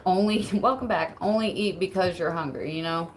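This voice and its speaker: A woman's voice: fairly low pitch, normal speed, a little hiss or hum, poor audio. A woman streamer in casual livestream chat, laid-back, swearing freely and laughing often as she reads messages.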